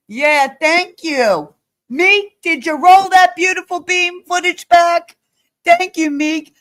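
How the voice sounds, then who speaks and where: A woman's voice: extremely high pitch, slow, fairly bright tone. A woman live-streaming in a heated, profane rant, upset and pleading with someone in her chat, sniffly from crying. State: sniffly, blowing nose.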